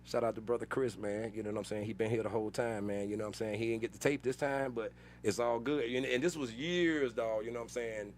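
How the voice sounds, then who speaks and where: A man, a comedian guest, telling stories in a slangy, animated way, with loud bursts when he acts out scenes. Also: mid-range voice, fast, a little hiss or hum. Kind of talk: casual storytelling interview.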